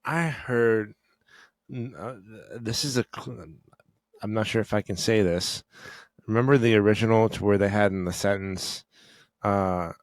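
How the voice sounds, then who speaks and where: A man's voice: on the low side, measured pace, no room sound. A man co-hosting a podcast, rambling and hesitant, often restarting his thoughts. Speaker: podcast co-host. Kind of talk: casual podcast chat.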